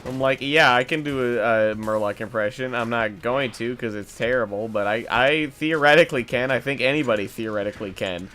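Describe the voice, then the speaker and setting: A man's voice: mid-range voice, a little fast, few pauses, pushed and bright, a little hiss or hum. A young man talks over his gameplay in a loose, meandering way, drifting into side stories and poking fun at himself. He curses freely and keeps coming back to the game between tangents. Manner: rambling, self-deprecating, swears a lot. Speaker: let's play commentator. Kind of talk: casual gameplay commentary.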